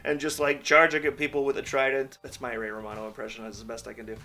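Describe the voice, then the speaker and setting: Bright-voiced man ranting about a movie. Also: medium pitch, monotone, quick pace. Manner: candid and rambling, swears freely. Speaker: film reviewer. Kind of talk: casual vlog movie review.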